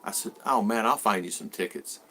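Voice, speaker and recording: A man in his sixties with a bright, forward voice, chatting loosely on a live stream. He drifts from one thought to the next as he greets viewers by name and answers them. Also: fairly low pitch, a little fast, a little hiss or hum. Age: 60s. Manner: rambling, greets viewers by name and reads their comments. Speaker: vlogger host. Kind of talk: casual live-stream chat.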